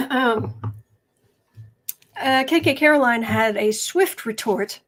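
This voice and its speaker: Woman streamer, raised pitch, unhurried delivery; sardonic, chatty commentary reading from chat. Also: a bit bright. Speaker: tarot reader and political commentator. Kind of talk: casual livestream commentary.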